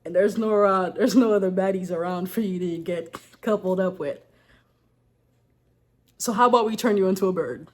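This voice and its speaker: A woman's voice: medium pitch, moderate pace, darkish tone, natural voice. A careless trickster god hands out bad ideas in a breezy, slangy voice, as a woman telling a folktale puts him on. He sounds pleased with himself and casual. The voice stays near the storyteller's own. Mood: smug. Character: careless joking male god granting wishes.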